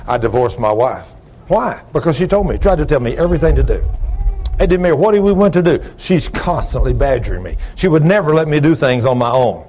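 An older man preaching a folksy sermon, talking loud and gruff, telling plain-spoken stories and asking the congregation questions. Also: on the high side, expressive, brisk. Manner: loud, gruff, rising into shouts when acting out stories; plain-spoken, ungrammatical storytelling with audience questions.

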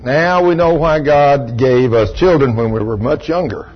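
Husky older preacher, animated sermon. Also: male voice, medium pitch, measured pace. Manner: animated storytelling, acting out voices. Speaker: pastor. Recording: dull lo-fi recording.

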